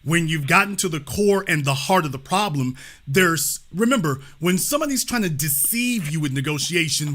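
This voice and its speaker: A man's voice: sits high, bright, forceful tone. A man hosting a live call-in talk show, talking casually and repeating his points. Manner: casual, repetitive, restates lines.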